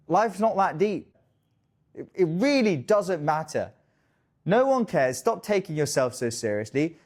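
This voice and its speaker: Swearing, jokey young dating coach. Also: male voice, high-pitched, darkish tone. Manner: casual, swears freely, jokey asides. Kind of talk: direct-to-camera coaching talk.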